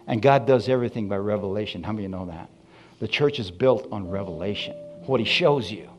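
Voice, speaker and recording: A man preaching a sermon, telling his story with lively acted-out dialogue. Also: fairly low pitch, quick pace, soft background music. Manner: animated storytelling, acting out dialogue. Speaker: pastor.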